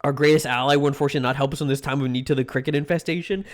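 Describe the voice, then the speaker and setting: A man's voice: medium pitch, rapid-fire. A young man streaming live, chatting casually with his viewers, rambling, joking and swearing freely. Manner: rambling, excitable, swears a lot, jokes to chat.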